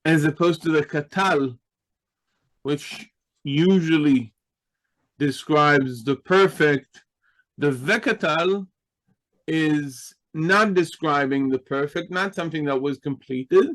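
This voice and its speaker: Slow-talking guy teaching a class, fairly high voice, keeps asking "okay?". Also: a bit bright, poor audio. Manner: patient, explanatory, often checks in with "okay?". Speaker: Hebrew teacher. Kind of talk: online class explanation.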